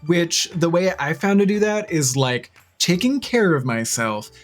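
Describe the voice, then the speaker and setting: Chatty, expressive game streamer. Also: mid-range voice, measured pace. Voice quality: chatty, expressive, with gasps and laughs. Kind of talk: live-stream chat and reading game dialogue aloud. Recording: faint game music underneath.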